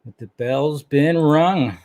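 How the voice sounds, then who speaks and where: A man's voice: fairly high pitch, slow pace, a little mellow. Chatty man hosting a casual livestream. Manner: chatty, greets viewers by name; loose, joking, drinking while talking. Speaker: livestream host.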